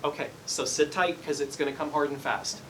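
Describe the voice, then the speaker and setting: A man's voice: on the high side, fairly even intonation, fairly quick, fairly bright tone, recorded from a distance, a little hiss or hum, poor audio. A man working as a psychic medium, giving a live reading in a salon and politely apologizing as he relays messages. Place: hair salon, indoors.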